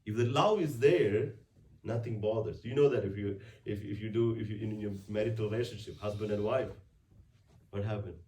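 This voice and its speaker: A man's voice: fairly low pitch, moderate pace, darkish tone. A man preaching a conversational weekday homily as a priest, with frequent restarts and rhetorical questions. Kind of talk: sermon. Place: church. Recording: roomy church sound from a distant mic.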